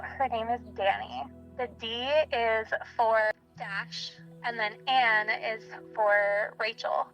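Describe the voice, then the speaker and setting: A young woman recalling a friend in a halting, soft-spoken way, full of little fillers. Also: fairly high pitch, poor audio. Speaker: friend of a murder victim. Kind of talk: personal interview recollection.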